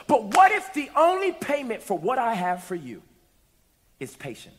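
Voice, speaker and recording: A man preaching a sermon to a congregation, telling a story and building to shouted peaks. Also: extremely high pitch, huge pitch swings, normal speed, in a large hall, some chatter behind. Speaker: pastor. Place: church hall with congregation.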